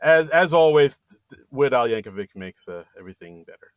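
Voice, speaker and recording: A man's voice: a little fast, dry recording. A man co-hosting a podcast, casually recapping a movie and acting out bits of dialogue. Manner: animated retelling, acts out lines in a high voice. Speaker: podcast co-host.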